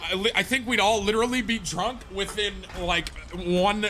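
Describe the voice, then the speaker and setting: A man streaming a game live, joking loudly and answering chat and donations. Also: sits high, moderate pace, slight background noise. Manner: loud, jokey, reacts to chat and donations.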